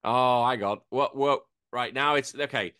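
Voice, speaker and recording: A man's voice: medium pitch, measured pace, pushed and bright, smooth, dry recording, studio quality. A man hosting a casual chat over a video call, ranting animatedly and swearing. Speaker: podcast host. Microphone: headphones and desk microphone.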